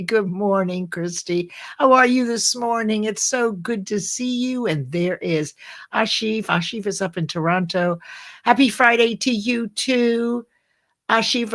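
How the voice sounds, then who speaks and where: A middle-aged woman hosting a live online study group, chatting and greeting viewers by name, laughing at her own slips. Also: medium pitch. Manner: laughs at herself, corrects slips. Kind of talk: casual live-stream greeting.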